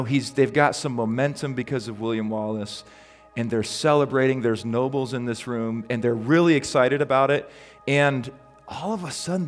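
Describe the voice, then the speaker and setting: Male pastor, sermon, conversational storytelling, ums and restarts, long church reverb. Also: medium pitch.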